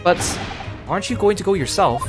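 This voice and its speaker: A man's voice: sits high, expressive, brisk, pitched above the performer's own voice. A man reading a flustered young law student. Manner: hesitant, polite, flustered. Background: game music.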